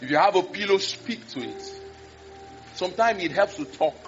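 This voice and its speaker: A male pastor, preaching a sermon in an animated way, acting out scenes and exclaiming. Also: high-pitched, normal speed, faint music behind. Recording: dull lo-fi recording.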